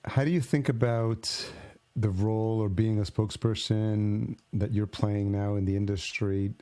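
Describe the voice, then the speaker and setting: A man hosts a podcast interview in a low, warm, mellow voice. He asks slow, searching questions and often restarts and reworks them. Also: steady tone. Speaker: podcast host.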